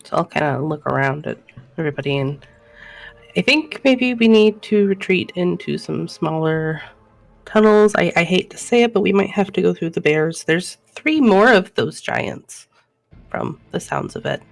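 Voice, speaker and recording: Brief: woman player, gravelly low voice, tentative and thinking aloud. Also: big pitch swings, normal speed, no room sound, faint music behind. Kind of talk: playing a tabletop game.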